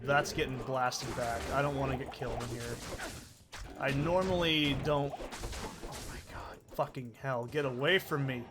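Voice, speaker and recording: Talking to himself as he plays, a young man hosting a let's play gives excitable, casual commentary laced with frequent swearing. He speaks in a mid-range voice.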